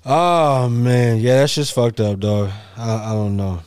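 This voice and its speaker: A man's voice: medium pitch, fairly even intonation, slow, darkish tone, smooth, no room sound, clean studio sound. A man hosting a podcast, talking in loose, profane, laughing banter with friends. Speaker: podcast host. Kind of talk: casual chat.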